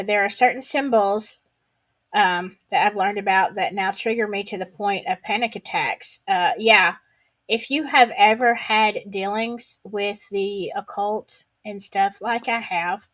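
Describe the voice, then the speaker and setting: A woman's voice: mid-range voice, fairly even intonation, unhurried, a bit bright. A woman with a Southern US accent, hosting a casual solo livestream, chatting in a folksy, drawling way and reading viewer comments aloud.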